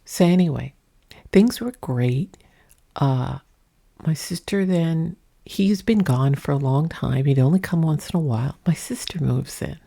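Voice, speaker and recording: A woman vlogger talking low and soft at home, rambling through a story in a casual way, with a mic in front of her. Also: expressive, unhurried, creaky, slightly rough. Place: indoors at home, under a ring light. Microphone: mic set up in front of her.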